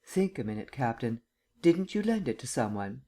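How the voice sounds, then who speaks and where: A man's voice: mid-range voice, very animated, normal speed, warm tone. A man voicing a stern district attorney who questions in a level, cold, formal way. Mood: cold, probing.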